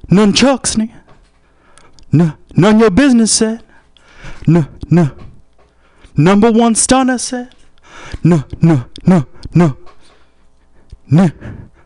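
A man doing a squeaky, hyper young guy. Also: darkish tone, dry recording, clean studio sound. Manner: squeaky, repetitive, taunting.

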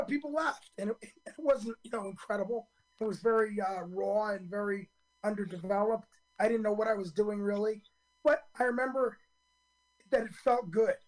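A hoarse man in his fifties, a stand-up comedian telling his story in a radio interview, earnest and full of ums and restarts. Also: sits high, normal speed, low-quality recording.

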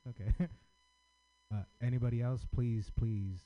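A man, a comedian, bantering with the crowd after his set, halting and stammering as he begs for feedback. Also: mid-range voice, fairly even intonation. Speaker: stand-up comedian. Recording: lo-fi live club recording.

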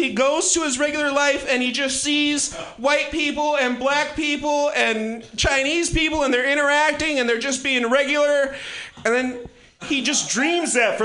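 Very high, bright-voiced young man joking. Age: 20s. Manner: rambling and profane, laughs at his own jokes. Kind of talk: rambling stand-up comedy monologue.

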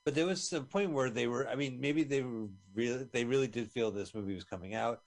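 A man's voice: medium pitch, fairly quick, creaky. A man co-hosting a radio talk show, chatting casually and reminiscing with frequent restarts. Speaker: podcast co-host. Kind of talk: casual chat watching a film.

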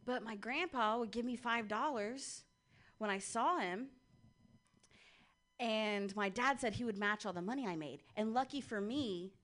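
A woman's voice: fairly high pitch, a bit bright. A woman performing a stand-up comedy set in a club, in a casual, rambling delivery full of "like"s.

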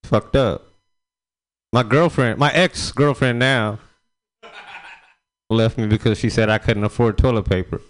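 A man's voice: mid-range voice, lively intonation, measured pace, pauses often. A man performing a casual, rambling stand-up set at an open mic, laughing at his own jokes. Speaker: stand-up comedian.

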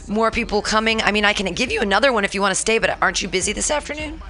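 A woman's voice: medium pitch, rapid-fire, bright, forceful tone. A woman hosting a radio show in a studio, chatting casually and enthusiastically. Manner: chatty and enthusiastic, lots of fillers. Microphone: studio mic with headphones.

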